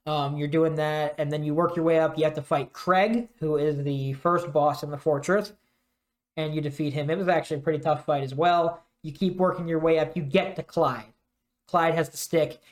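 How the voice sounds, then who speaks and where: A man co-hosting a podcast, casually rambling through a game's story and acting out bits of it. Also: a little high. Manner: rambling retelling with acted-out quotes. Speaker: podcast co-host. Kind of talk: casual game discussion.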